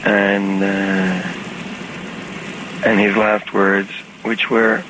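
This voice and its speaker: A man giving a reflective, halting interview over the phone, with many restarts and a soft-spoken manner. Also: on the low side, level tone, noisy background. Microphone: phone call recording. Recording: archival phone tape with music underneath.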